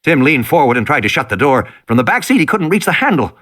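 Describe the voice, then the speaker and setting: A man's voice: fairly high pitch, sing-song, fast, fairly bright tone. Dramatic male audiobook narrator. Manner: dramatic, rises and falls with the tension. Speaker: audiobook reader.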